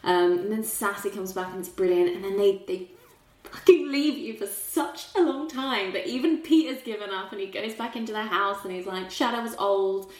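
A woman's voice: medium pitch, moderate pace, darkish tone. A young adult woman in casual film chat, telling the story with big emotional swings and laughs. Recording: roomy echo.

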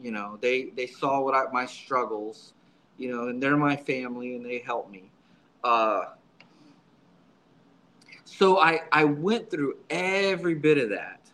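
A man's voice: mid-range voice, measured pace, pauses often, fairly bright tone, slight background noise, rough recording. A man guest in an interview, a subdeacon telling his story in a casual, earnest way, often repeating words as he restarts his sentences.

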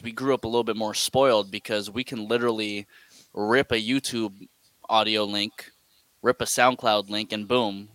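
A man's voice: mid-range voice, pushed and bright, dry recording. A young man hosting a casual interview, enthusiastic and slangy. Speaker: podcast host interviewing.

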